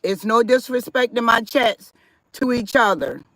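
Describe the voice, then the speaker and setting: High, bright-voiced woman hosting a live stream. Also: unhurried, no echo. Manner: chatty, reads out viewer comments, firm about respect. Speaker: livestream host. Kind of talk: live stream chat with viewers.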